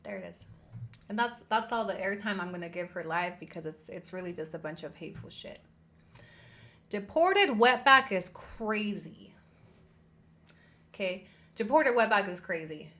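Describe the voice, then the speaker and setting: A woman's voice: on the low side, fairly quick. A woman hosting a livestream commentary, indignant and heated, swearing and repeating her points for emphasis. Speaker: host.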